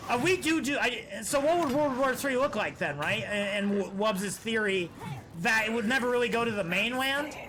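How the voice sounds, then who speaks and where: A man's voice: extremely high pitch, normal speed, sharp tone, slight background noise. A man streaming live, rambling through opinions in casual, profane chat.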